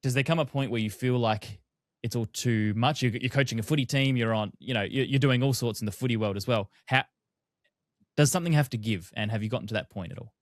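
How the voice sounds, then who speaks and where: A man's voice: medium pitch, fast talker, no room sound, clean studio sound. A man hosting a casual podcast interview, conversational and prone to long, rambling questions. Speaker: podcast host.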